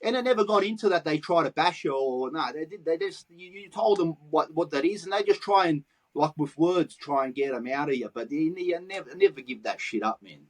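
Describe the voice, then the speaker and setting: A man with a Western Sydney Australian accent tells street stories in loose, profane slang. His voice sits on the higher side and has a husky, grainy edge. He talks in a relaxed, unscripted way, slipping into the voices of the people he quotes. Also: fairly quick, poor audio. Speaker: guest, graffiti artist. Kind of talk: casual storytelling interview.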